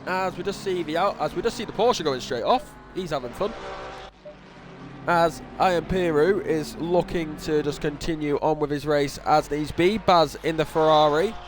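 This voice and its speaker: A young man with a high voice calls a sim race live in a loose, casual way, restarting sentences and poking fun at himself. A faint hum sits behind him. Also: normal speed. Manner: casual, self-deprecating, with restarts and exclamations. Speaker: race commentator. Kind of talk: sim racing commentary.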